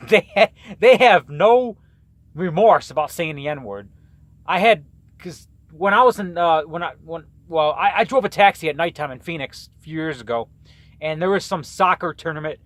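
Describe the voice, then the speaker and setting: A man's voice: a little high, lively intonation, normal speed, a bit bright, no room sound. A man who drives a truck, ranting to camera in a rambling, repetitive way with many restarts. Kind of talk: casual rant to camera.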